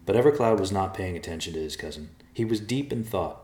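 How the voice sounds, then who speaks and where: A man narrating a storybook aloud in an expressive way. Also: low-pitched, fast talker. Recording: roomy echo.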